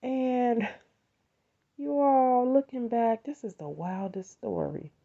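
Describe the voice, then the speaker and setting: A woman's voice: fairly high pitch, slow, vocal fry, dark tone, highs cut off. A middle-aged woman hosting a podcast, talking heartfelt and conversationally about faith and gratitude. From United States. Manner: heartfelt, conversational, addresses listeners as "you all". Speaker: podcast host. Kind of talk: personal faith talk.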